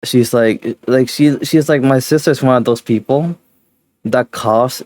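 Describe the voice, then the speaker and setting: A man's voice: mid-range voice, darkish tone, no echo. A tired, sleepy male streamer winding down his stream in casual chat, rambling and restarting his sentences. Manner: rambling, halting, with many restarts and fillers.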